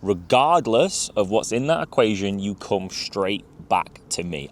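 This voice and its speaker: A man's voice: on the low side, animated, unhurried, hardly any pauses. A man giving emphatic, direct training advice as a gundog trainer. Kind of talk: instructional talk to viewers.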